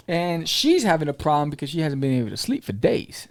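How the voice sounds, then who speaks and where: A man with a slightly high, gravelly voice hosts a laid-back podcast. He retells a comic's plot playfully, jumping into the characters' voices and joking with his listeners. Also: a little fast. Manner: animated storyteller, acts out characters' lines. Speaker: podcast host reviewing comics. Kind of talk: casual chat.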